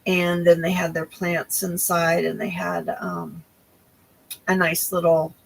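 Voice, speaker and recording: A woman's voice: fairly low pitch, steady tone, slow, gravelly, a little hiss or hum, low-quality recording. A young woman hosting a crochet livestream, chatting casually with viewers and often losing her train of thought.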